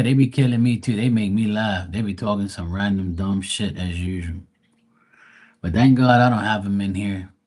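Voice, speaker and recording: Low husky man rambling on livestream. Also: darkish tone. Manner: rambling, profane, chatty. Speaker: tarot reader livestream host. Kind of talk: casual livestream chat.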